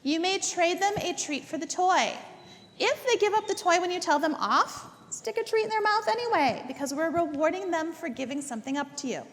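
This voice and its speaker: A woman with a very high, expressive voice teaches a dog training class briskly inside a training facility, her words carrying big-room sound. She walks through instructions step by step, repeats words to stress them, and frequently asks "okay?".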